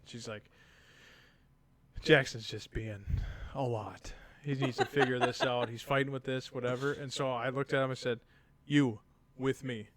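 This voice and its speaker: Man telling a lively story. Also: mid-range voice, normal speed. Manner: animated storyteller acting out quotes. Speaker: podcast co-host. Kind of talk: casual chat.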